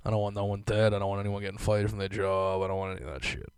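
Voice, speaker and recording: A man's voice: on the low side, monotone, rapid-fire, darkish tone, clean tone, dry recording. A young man hosting a podcast, ranting casually with lots of fillers and swearing. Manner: profane, rambling, filler-heavy. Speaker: podcast host. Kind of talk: casual rant.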